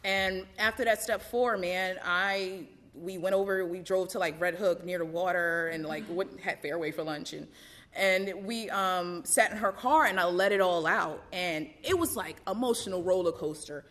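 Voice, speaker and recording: A woman's voice: lowish voice, normal speed, fairly bright tone. Candid woman sharing her recovery story. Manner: candid, conversational, lots of fillers and laughter. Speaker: recovery meeting speaker. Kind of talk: personal testimony.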